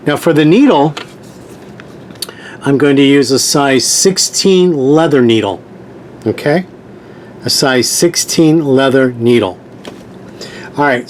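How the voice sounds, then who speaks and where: A man's voice: fairly high pitch, darkish tone, a little hiss or hum. A man hosting a sewing tutorial, giving patient step-by-step instructions and repeating key points.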